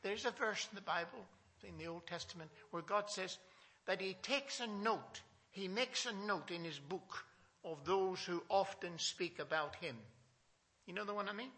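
Preaching to a small congregation on Sunday, this high-pitched male pastor speaks at a moderate pace. He stresses scripture as he reads, asks questions and moves from loud to quiet.

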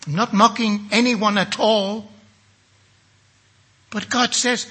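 A man's voice: sits high, fairly even intonation, slow pace, long pauses, bright, forceful tone. An older man from England preaching a sermon emphatically, acting out the voices he quotes.

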